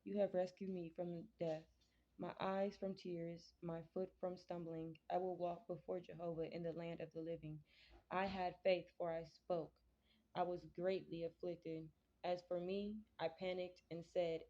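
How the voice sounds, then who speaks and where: A chatty woman reads scripture aloud, then talks it over in a casual vlog. Her voice sits a little low, and the sound is dull and lo-fi. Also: flat delivery, warm tone. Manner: chatty, slow careful reading with stumbles. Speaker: vlogger reading scripture. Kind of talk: casual Bible reading and commentary.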